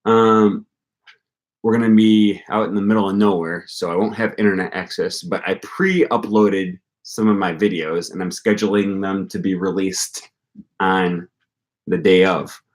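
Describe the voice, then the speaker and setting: A man's voice: deep voice, steady tone, a little slow. A young man hosting a casual livestream about language learning, talking in an upbeat, encouraging way and rambling with many fillers. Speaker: language-learning channel host.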